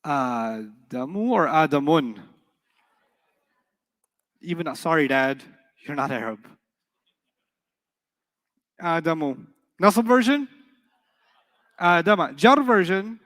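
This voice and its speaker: A man's voice: a little high, very animated, slow pace, long pauses, a bit bright, long reverb tail. A man teaching an Arabic grammar class, playful and joking while he quizzes the students. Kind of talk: classroom lecture.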